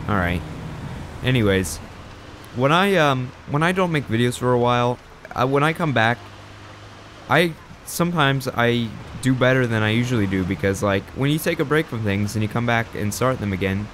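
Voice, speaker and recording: A man's voice: medium pitch, fairly bright tone, a little hiss or hum. A young man rambling through casual gameplay commentary, chatty and self-deprecating. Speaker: gaming channel host.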